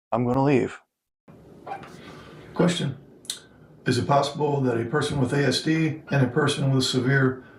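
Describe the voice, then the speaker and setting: A man with a gravelly voice gives relationship coaching to camera and has listeners repeat lines after him. There is a faint hiss of noise in the background. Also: mid-range voice. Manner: instructive, leads listeners through repeat-after-me scripts. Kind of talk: casual coaching talk to camera.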